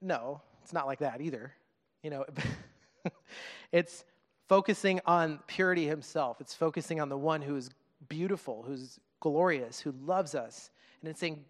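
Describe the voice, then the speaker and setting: A man in his thirties preaching a sermon to a congregation, earnest and conversational, halting often to restart his thought. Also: a little high. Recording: long reverb of a large hall.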